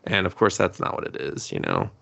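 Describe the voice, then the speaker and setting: A man's voice: low-pitched, very animated, a little fast, gravelly, a bit bright. A man co-hosting a podcast, casually recapping a show in a loose, rambling way, full of fillers, swearing and laughing. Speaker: podcast co-host. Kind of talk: casual chat recapping anime. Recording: dull lo-fi podcast audio.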